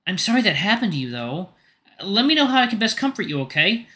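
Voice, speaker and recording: Man voicing a gentle caring dog doctor. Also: high voice, very animated, quick pace, pitched above the performer's own voice, full character voice. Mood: earnest. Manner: earnest, apologetic, reassuring.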